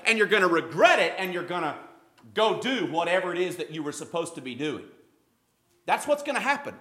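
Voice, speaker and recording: A man's voice: high voice, pushed and bright. A man preaching a sermon as pastor, folksy and conversational with touches of humor.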